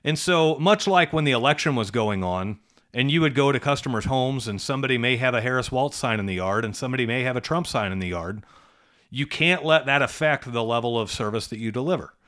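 A man's voice: mid-range voice, a little fast, fairly bright tone. Middle-aged male co-host, casual and emphatic, ordinary mid-range voice. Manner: conversational, emphatic, rhetorical "right?" tags. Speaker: podcast co-host, trades business coach. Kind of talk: casual podcast chat.

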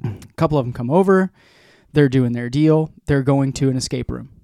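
A man in his forties telling a long rambling story in casual chat, animated and profane, as a podcast co-host. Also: medium pitch, moderate pace, creaky, dry recording, studio quality.

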